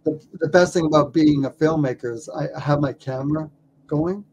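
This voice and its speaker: A man who is a documentary filmmaker, telling a story in an interview with lively stammers and repeated words. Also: on the high side, normal speed, a little hiss or hum.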